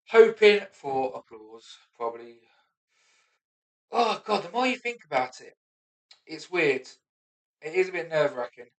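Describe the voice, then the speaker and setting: A man, a stand-up comedian rehearsing his set aloud, self-mocking and sweary, muttering asides between punchlines. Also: a little high. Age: 30s. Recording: roomy and distant.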